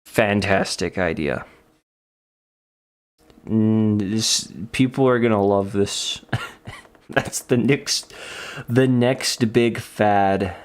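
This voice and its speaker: A man's voice: on the low side, drawn-out words, pauses often. A man chatting playfully to himself while he draws, giggling often. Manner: giggly, playful self-talk. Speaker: online artist. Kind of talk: casual talk while drawing.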